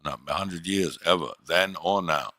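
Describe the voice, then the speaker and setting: A middle-aged man with a very low voice that still has a bright, forceful edge, hosting a livestream in casual chat. He talks in a crude, boastful way and teases his listeners. The sound is dry and close to the mic. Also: normal speed, no echo. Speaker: livestream host.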